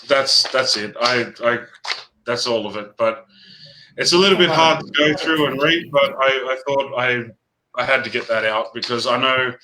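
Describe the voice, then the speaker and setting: A man with a bright, forceful voice at a middle pitch tells a story from his own life in an easygoing chat. He speaks earnestly and haltingly, breaking off and restarting his sentences. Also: slight background noise, low-quality recording. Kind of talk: personal storytelling in casual chat.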